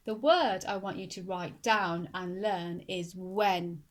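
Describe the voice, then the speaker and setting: A woman teaching a phonics lesson to young children, speaking slowly and clearly and sounding out words syllable by syllable. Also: on the low side. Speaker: primary school teacher.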